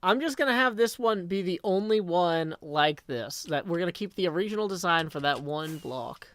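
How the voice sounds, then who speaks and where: A tired man chatting casually on a live game stream, rambling, correcting himself and thinking out loud. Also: sits high, animated, moderate pace, no room sound. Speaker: Minecraft streamer.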